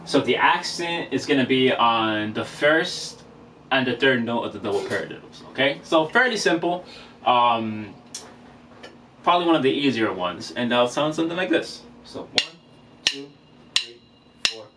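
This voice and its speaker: Relaxed man explaining drum rudiments. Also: mid-range voice, normal speed. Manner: relaxed, talks through drum exercises, counts off beats. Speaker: drum teacher. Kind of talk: casual instructional vlog. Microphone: camera microphone. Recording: camera mic from a distance, faint room noise.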